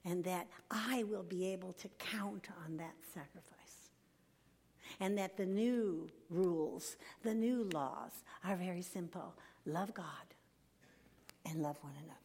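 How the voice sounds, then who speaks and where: An older woman giving a devotional talk, earnest and emphatic, slowing down and sometimes dropping to a whisper. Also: mid-range voice, a little mellow, slightly rough. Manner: earnest, slow and emphatic, drops to a whisper at times. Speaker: speaker.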